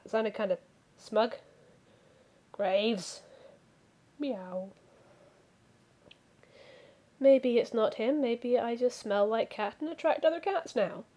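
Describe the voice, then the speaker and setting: A woman reading a visual novel aloud as a let's play streamer, voicing the lines and breaking off into animated asides. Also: on the high side. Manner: animated, reacts with outbursts and asides. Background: background music.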